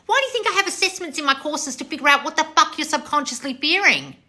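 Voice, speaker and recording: A woman's voice: high voice, animated, quick pace, bright, forceful tone. A woman coach hosting a live-stream Q&A on her phone, bluntly answering viewer comments with frequent swearing and laughter. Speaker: manifestation coach.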